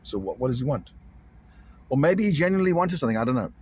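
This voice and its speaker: A man's voice: mid-range voice, sing-song, fast talker, darkish tone, slight background noise. A man vlogging casually to camera, rambling and repeating himself in an uneasy way.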